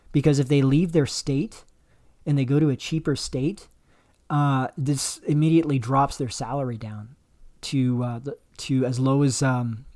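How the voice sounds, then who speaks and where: A man's voice: medium pitch, darkish tone. Man, livestream host, casual chat, rambling, lots of ums and restarts, answering chat. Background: dog barking faintly.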